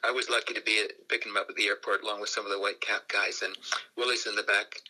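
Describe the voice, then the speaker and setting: An older man from Canada, a radio interview guest who tells lively stories and acts out the voices in them. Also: on the low side, quick pace, rough recording. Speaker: guest, fan group founder.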